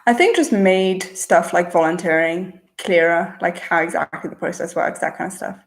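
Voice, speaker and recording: A young woman hosting a casual livestream, reading out chat questions and answering in a relaxed, chatty way, thinking aloud before she replies. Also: lowish voice, normal speed. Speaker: channel host.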